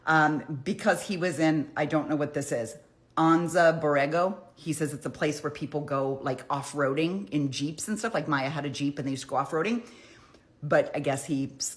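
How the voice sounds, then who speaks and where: A woman giving a casual, chatty recap of a criminal trial, retelling courtroom exchanges with emphatic quoted lines. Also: deep voice. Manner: chatty, conversational, with frequent "like" asides. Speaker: true crime commentator.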